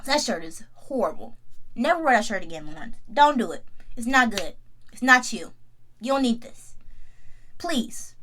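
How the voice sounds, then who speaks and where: Young woman doing a tv recap, slangy and animated, bright kinda sharp voice pitched a bit high. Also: moderate pace, pauses often. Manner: animated, slangy, talks back to the characters. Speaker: YouTube TV recap host. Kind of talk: casual review chat.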